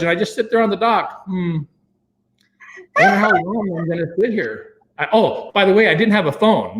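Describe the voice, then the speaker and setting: A man telling a long personal story as an interview guest, animated and full of fillers and chuckles. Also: high voice. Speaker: guest, venture capitalist. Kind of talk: casual anecdote telling.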